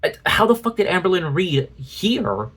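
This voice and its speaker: A man's voice: high voice, sing-song, normal speed, a bit bright, breathy edge. A man doing a ranting commentary video, sarcastic and exasperated, with frequent swearing. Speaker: commentary YouTuber.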